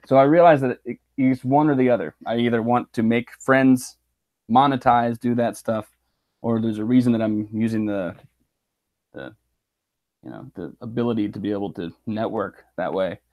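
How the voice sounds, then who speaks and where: A man guesting on a podcast, speaking in a calm, measured way. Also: mid-range voice, phone-quality sound. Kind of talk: casual podcast chat.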